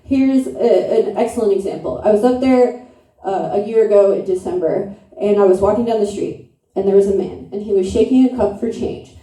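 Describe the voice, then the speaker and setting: Speaking a little fast with a warm, medium-pitched voice, this thirtysomething comic from upstate New York delivers crude, brash, self-deprecating material at a comedy club. The recording has an echoey room sound, with the mic placed far away.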